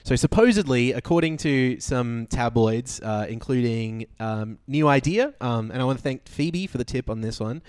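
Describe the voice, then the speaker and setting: A man's voice: mid-range voice, moderate pace, hardly any pauses, a little mellow, clean tone, no echo, clean studio sound. A man co-hosting a podcast, recapping a reality show in chatty, laughing talk full of fillers. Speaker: podcast co-host. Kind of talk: casual recap chat.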